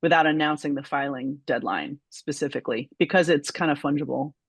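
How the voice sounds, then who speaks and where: Calm chair on dry, close audio. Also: medium pitch, fairly quick, breathy edge, no room sound. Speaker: committee chair. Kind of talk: chairing a committee meeting.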